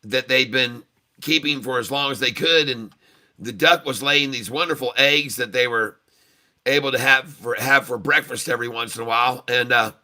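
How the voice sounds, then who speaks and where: A man's voice: medium pitch, normal speed, sharp tone. A man hosting a trading livestream and telling a bawdy joke in a folksy, chuckling way. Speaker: day-trading livestream host.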